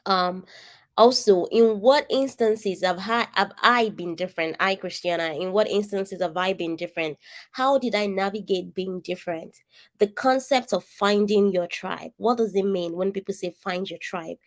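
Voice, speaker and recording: A woman's voice: medium pitch, normal speed. A Nigerian woman with a distinctive, somewhat nasal voice and an accent, coaching a group over a video call in an earnest, emphatic way, speaking straight to her listeners. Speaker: coach leading an online session. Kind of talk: interactive coaching talk.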